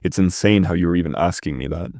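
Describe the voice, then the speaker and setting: A man's voice: deep voice, fast, a little mellow, dry recording, clean studio sound, close to an everyday voice. A man reading the lines of a blunt man who did prison time, refusing to lend money. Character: firm man, ex-convict friend, stern.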